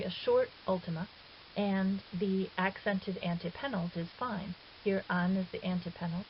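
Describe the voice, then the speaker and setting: A woman calmly explaining a grammar lesson as a recorded teacher, patient and step by step, now and then correcting herself. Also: mid-range voice. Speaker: Greek teacher. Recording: dull hissy lo-fi 2009 recording.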